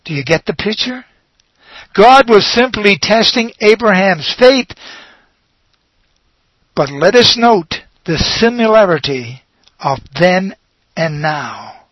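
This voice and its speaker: A man preaching a sermon, slow and emphatic, leaning on dramatic pauses and repeated words. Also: high-pitched, lively intonation, husky, no echo, dull audio.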